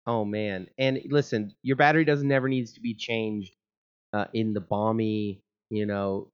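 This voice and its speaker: A man's voice: fairly low pitch, steady tone, moderate pace, clean tone. Man joking dryly over a dull mic. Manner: dry, joking banter. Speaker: podcast co-host. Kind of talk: casual chat.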